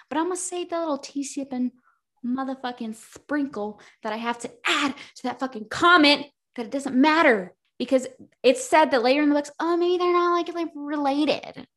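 A woman's voice: high-pitched, expressive, normal speed, fairly bright tone. A young adult woman co-hosting a casual book podcast, ranting and swearing as she recaps and reads quotes dramatically. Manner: profane, ranting, dramatic read-aloud of quotes. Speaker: podcast co-host.

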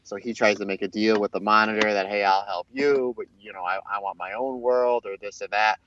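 A man in casual chat, recapping a TV crossover in a rambling, animated way and acting out the characters' lines. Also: fairly low pitch, brisk, background noise. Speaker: podcast co-host. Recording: dull lo-fi, dry sound.

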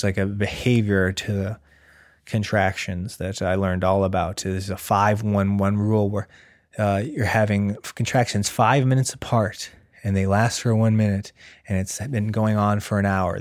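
A man in his thirties talks in a loose, rambling comic monologue, riffing on his own nerves about becoming a father. His voice sits on the low side and is recorded close and dry, with no room sound. He keeps slipping into quick put-on quotes and puns. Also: little pitch movement, dry recording. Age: 30s. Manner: rambling, self-deprecating, wordplay and put-on quotes. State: nervous expectant father. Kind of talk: casual comedic monologue.

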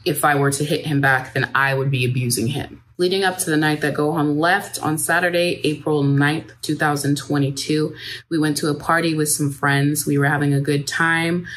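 A woman reading a first-person account aloud at a measured, steady pace. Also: low voice, slight background noise. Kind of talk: read first-person statement.

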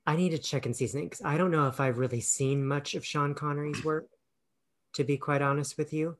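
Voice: mid-range voice, steady tone, brisk. A podcast co-host chatting casually about a film, hesitant and full of fillers. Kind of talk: casual film review chat.

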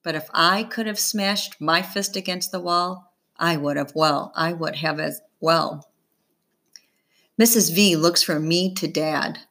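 Slow, low-voiced woman reading a story. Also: fairly bright tone. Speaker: audiobook reader. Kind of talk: first-person audiobook narration.

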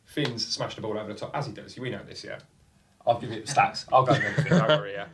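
A man on a football podcast, swearing freely and telling a lively story in casual chat. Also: lowish voice, fast talker, distant mic, a little hiss or hum. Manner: swears a lot, animated anecdotes. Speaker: podcast co-host.

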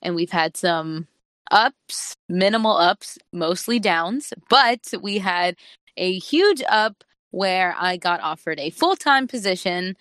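A woman's voice: lowish voice, dry recording. Bubbly young woman, dry close sound. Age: 20s. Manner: bubbly and excitable, quick to laugh. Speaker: podcast co-host. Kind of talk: casual podcast chat.

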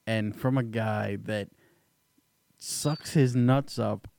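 A man co-hosting a podcast, talking excitedly about a fight, swearing and laughing often. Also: on the low side, slow, vocal fry, no room sound. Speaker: podcast co-host. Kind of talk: casual chat.

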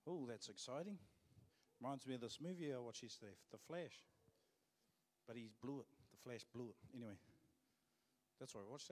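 A male pastor with a New Zealand accent delivers a sermon. He talks to the congregation in a loose, conversational way and hammers points home by repeating his phrases. His mid-range voice carries a long reverb from a church auditorium. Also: medium pitch.

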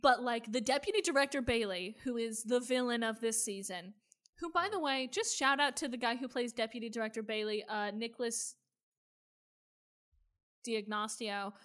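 A woman talks through a TV episode with her co-host in a high, bright voice. She is chatty, fills her sentences with "like," and laughs often. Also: normal speed. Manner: chatty, laughs a lot, fillers like "like". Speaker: podcast co-host. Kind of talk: casual chat recapping a TV episode.

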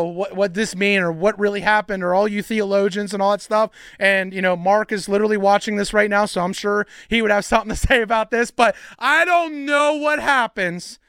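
A young man preaching a sermon in a casual, energetic way, with slangy asides and passages that build up to shouting. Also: high-pitched, clean tone, no echo, clean studio sound.

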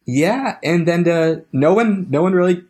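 A man's voice: sits high, animated, measured pace, darkish tone, slightly rough. A young man telling a story as a podcast guest, hesitant, with frequent restarts and trailing phrases. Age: young adult. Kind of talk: casual conversational storytelling.

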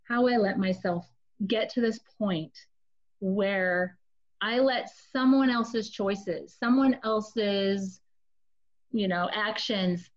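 Speaking directly to her listeners, a woman shares a personal testimony in a casual, confessional storytelling style. Her voice is medium in pitch, and the audio sounds dull.

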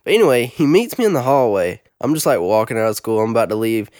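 A man's voice: medium pitch, animated, quick pace, darkish tone, no room sound, clean studio sound. A young man, a podcast co-host, telling a funny college story in casual chat and laughing often.

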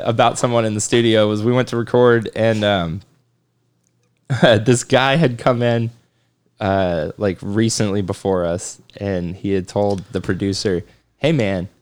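A young man co-hosting a podcast in casual chat, agreeable and quick to laugh while telling stories. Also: fairly low pitch, smooth. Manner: laughs easily, agreeable, storytelling. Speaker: podcast co-host.

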